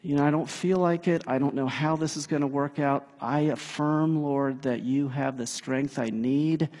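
A man preaching a sermon in a casual, animated way, building to emphatic peaks. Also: a little high, moderate pace. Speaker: pastor. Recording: long hall reverb.

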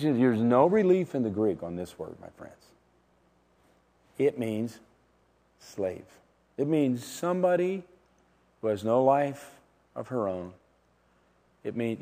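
A man preaching a sermon, emphatic and dramatic, swinging from loud declarations to hushed, slow words. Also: medium pitch. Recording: long hall reverb.

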